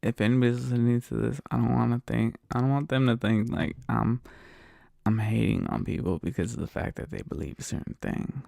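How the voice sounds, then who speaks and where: A man's voice: mid-range voice, a little fast, creaky, dry recording, clean studio sound. A man hosting a podcast, talking alone in a casual rant, swearing constantly and circling back over his points. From United States. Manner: swears constantly, repeats himself, animated venting. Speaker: podcast host. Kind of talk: casual profane monologue rant.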